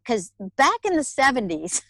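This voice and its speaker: A woman, telling her personal story as an interview guest in a candid, animated way. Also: sits high, unhurried, dry recording. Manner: candid, animated storytelling with laughs and acted-out quotes. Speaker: guest, author and alternative healer.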